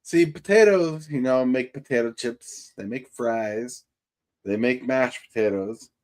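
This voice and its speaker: Male stream host, chatty and rambling, average pitch. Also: a little slow, darkish tone. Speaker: livestream host. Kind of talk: casual chat.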